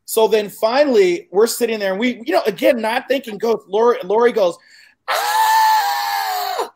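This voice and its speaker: Animated, profane man telling a story. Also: high-pitched, brisk. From Chicago. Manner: animated, profane, acts out quoted dialogue. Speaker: guest. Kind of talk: casual storytelling.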